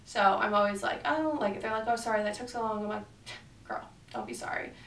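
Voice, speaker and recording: A young beauty vlogger rattles through a storytime at a quick clip, swearing a lot and animatedly performing other people's lines. Her medium-pitched voice is captured from a distance, slightly off-mic, with an echoey room around it.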